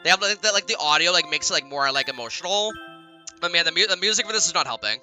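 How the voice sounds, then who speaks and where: Lively, bright-voiced let's-play streamer. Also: mid-range voice, fast talker. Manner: chatty, laughs often, heavy use of "like". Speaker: gaming streamer. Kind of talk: casual let's-play commentary. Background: game music.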